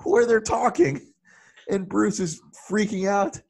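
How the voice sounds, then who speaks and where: A man co-hosting a casual movie review chat, animated and often laughing as he talks. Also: high voice, slow pace, creaky. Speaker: podcast co-host.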